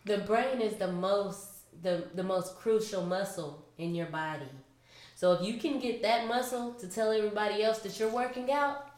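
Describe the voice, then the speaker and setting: A woman co-hosting a podcast from home, teasing her co-host and calmly sticking to her point. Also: mid-range voice, moderate pace. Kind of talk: casual chat. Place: home kitchen. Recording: roomy echo.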